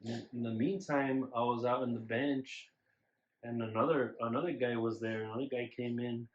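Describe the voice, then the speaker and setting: A man, a vlogger and new father, telling his side of a story in a casual, halting way. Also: medium pitch, fairly even intonation. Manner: halting, restarts often. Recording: dull lo-fi sound.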